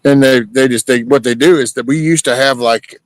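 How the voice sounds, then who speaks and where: A man's voice: mid-range voice, normal speed, no room sound, poor audio. A Texan man hosting a casual livestream chat, rambling through opinions. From Texas.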